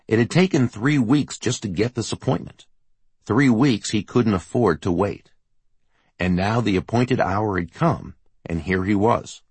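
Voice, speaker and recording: A man narrating a novel as an audiobook, steady and measured. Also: on the low side, slightly rough, no room sound. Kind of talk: scripted narration.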